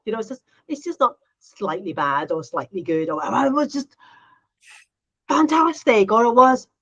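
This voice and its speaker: A middle-aged woman co-hosting a casual chat, animated, often acting out quotes in a higher voice. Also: normal speed, dull audio. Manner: animated, acts out quotes in a high voice. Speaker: podcast co-host.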